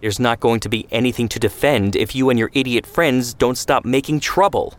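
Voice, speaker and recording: A man's voice: medium pitch, a little fast, pitched above the performer's own voice, lightly acted. A man voicing a level-headed bookish young man. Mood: reasoned. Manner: reasoned, retorting.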